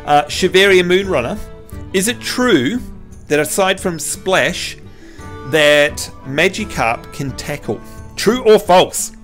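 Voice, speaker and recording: Casting: New Zealand man, streamer host, slightly higher voice, faint game music behind. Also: expressive, slow pace, fairly bright tone. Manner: chatty, reads chat aloud, jokey outbursts. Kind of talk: live-stream chat reading.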